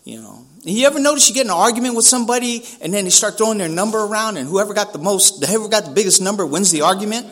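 A man's voice: high-pitched, lively intonation, very fast, hardly any pauses, fairly bright tone. A man from San Francisco giving a personal recovery talk, speaking casually with street slang, often saying "man" and acting out dialogue.

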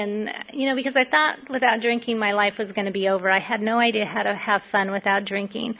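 A middle-aged woman giving a candid, rambling personal testimony at a recovery meeting, full of fillers. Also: a little high. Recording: dull lo-fi recording.

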